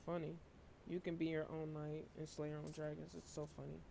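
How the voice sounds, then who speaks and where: A worn-out man giving a casual tarot reading to camera, talking in a flat, low-energy monotone and swearing casually. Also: brisk, gravelly, a little hiss or hum. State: emotionally worn out. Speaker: tarot reader.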